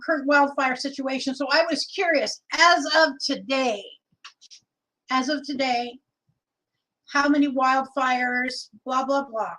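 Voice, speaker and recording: A woman's voice: high-pitched, a bit bright, rough recording. A middle-aged woman from Oregon hosting a casual livestream, chatting and reading viewer comments aloud. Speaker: livestream host.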